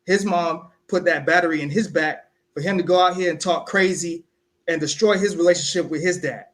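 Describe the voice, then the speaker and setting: A young man from South Carolina co-hosts a casual podcast, recounting a personal story in an animated, conversational way. His voice sits a touch higher than most men's, and he slips into the voices of the people he quotes. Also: fairly quick. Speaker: podcast co-host.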